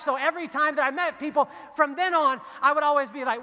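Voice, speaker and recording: A man's voice: extremely high pitch, fairly even intonation, quick pace, hardly any pauses, sharp tone. A man giving a motivational keynote speech on stage, telling stories and joking with the audience. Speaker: keynote speaker. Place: large hall on stage. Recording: long hall reverb.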